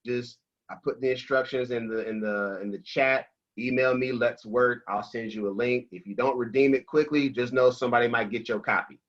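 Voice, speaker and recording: A man talking about money on a video call, emphatic, slangy and energetic. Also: medium pitch, normal speed, hardly any pauses. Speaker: financial coach guest. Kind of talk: animated motivational talk on a video call. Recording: dull lo-fi call audio.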